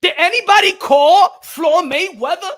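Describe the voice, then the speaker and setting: A man with a high voice is ranting as he hosts a boxing livestream. He is fiery and loud, and he keeps switching between Spanish and English, hammering the same phrases again and again. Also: normal speed. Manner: repeats himself for emphasis. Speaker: boxing channel host. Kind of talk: livestream rant commentary.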